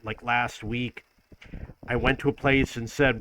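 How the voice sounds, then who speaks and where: A man's voice: mid-range voice, little pitch movement, normal speed, a bit bright, slight background noise, poor audio. Annoyed guy venting on an audio vlog, mimics people in long lists. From New York, USA. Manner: exasperated, repeats himself, mimics others in lists. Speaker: vlogger. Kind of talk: audio-only complaining rant.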